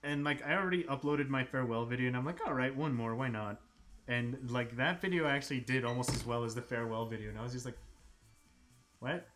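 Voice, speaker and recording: Guy chatting away on his drawing stream, laughing a lot, soft music behind him. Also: medium pitch, fast, few pauses. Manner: chatty, laughs often, slips into silly voices. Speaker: live-stream host. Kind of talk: casual chat while sketching on a live stream.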